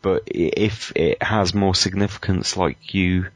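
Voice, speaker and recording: A man's voice: sits low, steady tone, a little slow. A man co-hosting a podcast, giving critical opinions in a hesitant, casual way with many ums and uhs. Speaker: podcast co-host. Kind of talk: casual chat.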